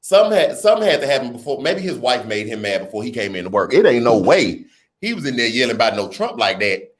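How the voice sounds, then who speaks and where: A man's voice: medium pitch, sing-song, fast talker. A man hosting a casual livestream, reading viewer comments aloud and riffing on them with laughter and slang. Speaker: livestream host.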